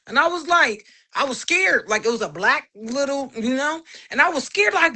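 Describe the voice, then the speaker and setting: Bright-voiced woman telling a lively story. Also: high-pitched, moderate pace, few pauses. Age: 30s. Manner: animated, acts out quoted voices, religious. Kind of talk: casual testimony storytelling.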